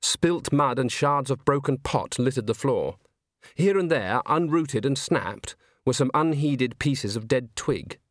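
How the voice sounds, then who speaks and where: A man's voice: medium pitch, no room sound, studio quality. Wry male audiobook narrator. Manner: measured, wry storytelling.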